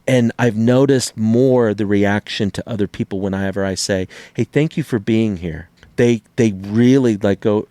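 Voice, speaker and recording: A middle-aged man with a fairly low voice tells stories in a loose, casual podcast chat. He acts out what other people said and swears freely. The sound is close and dry, with no room around him. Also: moderate pace, few pauses, no room sound. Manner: animated storyteller, acts out quotes, swears freely. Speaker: podcast co-host.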